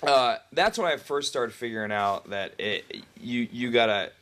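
A man's voice: mid-range voice, animated, a little slow, a bit bright. A man answering as an interview guest, hesitant with many restarts and light laughter. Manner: hesitant, laughs easily, short replies. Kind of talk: candid interview conversation.

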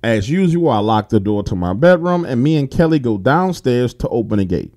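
A man telling his own story in a casual, animated way, swearing freely and talking straight to his listeners. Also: mid-range voice, moderate pace. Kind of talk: casual first-person storytelling.

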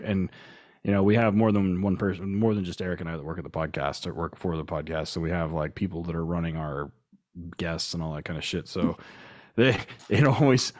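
A man co-hosting a casual podcast, laid-back and quick to laugh, swearing casually as he chats. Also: low voice, dry recording, studio quality. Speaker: podcast co-host.

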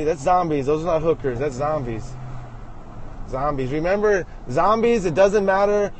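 A slightly high-voiced man rambles from the driver's seat of his truck, cracking crude jokes and restarting his sentences. A faint hum from the vehicle sits under his voice. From Los Angeles area. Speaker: vlogger filming while driving. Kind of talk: rambling self-filmed commentary. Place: inside a truck, driving.

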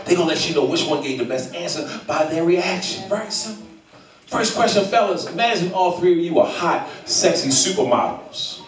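Loud, lively male comedy club host. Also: a little high, a little fast. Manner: loud, profane, teasing banter with audience volunteers. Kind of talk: stand-up crowd work. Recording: echoey club, mic from far, loud crowd.

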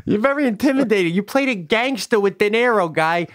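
A man co-hosting a podcast, joining in with quick, excitable banter in casual chat. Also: high-pitched. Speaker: podcast co-host.

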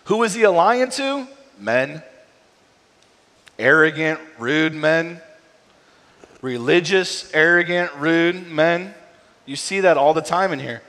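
A middle-aged man preaching a sermon in a casual, conversational way, often tagging his points with a quick question to the room. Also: fairly high pitch, a bit bright. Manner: conversational, frequent tag "right?". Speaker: pastor. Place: church sanctuary. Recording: long hall reverb.

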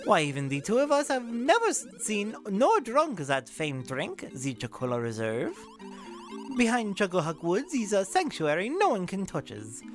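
A woman's voice: medium pitch, wildly swooping pitch, normal speed, faint music behind. A woman voicing a pompous male craftsman with a put-on fake French accent, flowery and theatrical.

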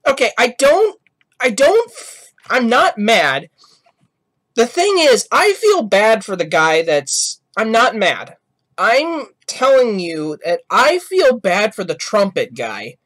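A man's voice: high-pitched, huge pitch swings, slow pace, a bit bright. A man hosting a gaming channel, giving rambling, apologetic reaction commentary. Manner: rambling, apologetic, self-correcting.

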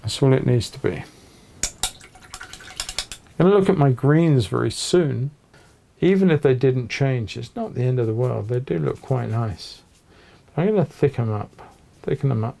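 A man narrating an oil painting tutorial from his small home studio, chatting in a relaxed way while he paints at his easel. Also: mid-range voice, normal speed, vocal fry, pauses often, slight background noise. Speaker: painting teacher.

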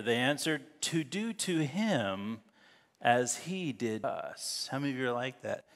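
A man's voice: mid-range voice, lively intonation, unhurried, a bit bright. A man preaching a sermon as pastor, reading scripture aloud and breaking off into joking, laughing asides. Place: church sanctuary. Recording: long hall reverb.

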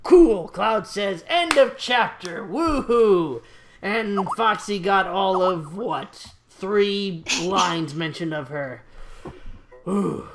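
High-voiced young man reading fan fiction. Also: takes it slowly, background noise. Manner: reads in a plain voice, stumbling over words.

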